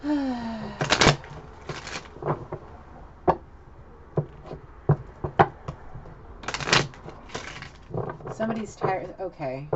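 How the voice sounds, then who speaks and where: A woman giving a casual tarot card reading, chatty, excitable and profane. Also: medium pitch, drawn-out words, pauses often. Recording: lo-fi with loud hiss.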